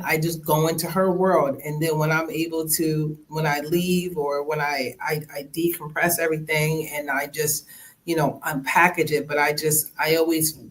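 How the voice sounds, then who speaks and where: Podcast host, unhurried delivery, gentle and empathetic interviewer. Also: medium pitch, rough recording. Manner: gentle, empathetic, acts out quoted dialogue. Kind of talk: conversational interview.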